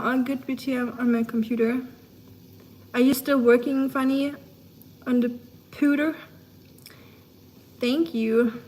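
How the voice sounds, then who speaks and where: A woman's voice: on the high side, a little mellow. Chatty German-accented woman streamer. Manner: rambling and chatty, lots of "um" and "like". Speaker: livestreamer. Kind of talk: casual chat with a livestream audience.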